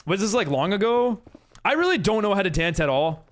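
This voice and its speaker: A man's voice: sits high, animated, fairly quick. A young man streaming, chatting casually with viewers, laughing often and using lots of fillers. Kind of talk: casual live-stream chat reading viewer messages.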